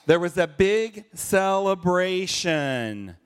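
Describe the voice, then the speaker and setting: A man's voice: sits high, slow pace, clean tone. A man leading a church service, telling a picture-book story and asking the audience questions. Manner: animated, asks the audience questions. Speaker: pastor.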